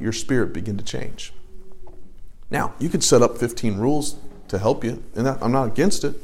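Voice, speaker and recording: A middle-aged man teaching an adult Bible study, earnest, swinging between loud urging and hushed prayerful tones. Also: medium pitch.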